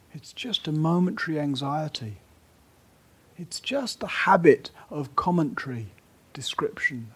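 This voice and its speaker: A man giving a gentle, unhurried meditation talk at a retreat, now and then dropping to a soft whisper. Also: a little high, slight background noise. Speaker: meditation teacher.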